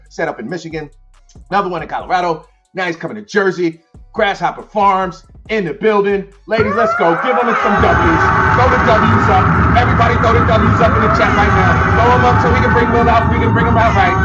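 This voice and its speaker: A man hosting a livestream recap, loud and hyped, shouting praise to the chat and laughing often. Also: high voice. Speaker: livestream host. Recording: dull lo-fi stream audio with loud music.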